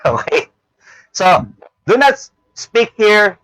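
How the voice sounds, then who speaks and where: A man's voice: sits high, animated, slow pace, long pauses, a bit bright, no echo, poor audio. Filipino teacher, man, leans on "no?" and "okay?", dry close sound. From Philippines. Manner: repeats words, tag questions "no?" and "okay?". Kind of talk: classroom lecture. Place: classroom.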